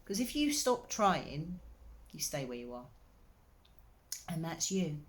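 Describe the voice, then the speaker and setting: A woman with a notably low voice talks straight to her listener in a personal advice talk. She is earnest and encouraging, pressing her points home. There is a slight irritation in her throat. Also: big pitch swings, slow. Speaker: wellbeing coach. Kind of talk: direct-to-camera advice talk.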